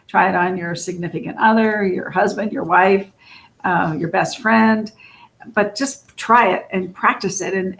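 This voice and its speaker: A middle-aged woman with a scratchy, sniffly voice giving a casual coaching talk, chatty and often laughing as she acts out sample lines. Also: mid-range voice. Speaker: real estate coach.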